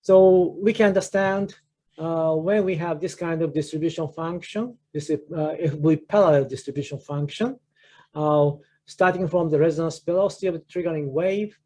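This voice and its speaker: A man's voice: a little high, dark tone. A man in his sixties with a Japanese accent, a professor giving a research lecture with many fillers and restarts. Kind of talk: academic lecture.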